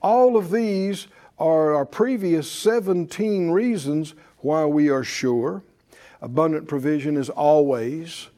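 High-voiced preacher man leading a congregation. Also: takes it slowly, mellow. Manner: leads audience in repeated responses; emphatic, rhythmic reading of scripture. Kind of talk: sermon with call-and-response.

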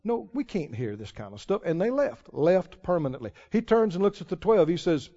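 High-pitched, lively preacher. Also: male voice, moderate pace, hardly any pauses, highs cut off. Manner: animated preaching, laughing often, calls to the congregation. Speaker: pastor. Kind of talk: sermon.

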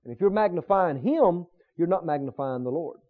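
A man's voice: a little high, animated, normal speed, phone-quality sound. A man preaching a sermon emphatically, repeating his points and asking the congregation questions. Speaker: pastor.

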